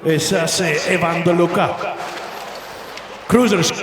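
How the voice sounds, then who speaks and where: A man's voice: sits high, little pitch movement, measured pace. A man announcing a BMX race live, calling riders in several languages with frequent hesitations. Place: outdoor BMX race track. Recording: echoey PA sound heard from far off, crowd noise.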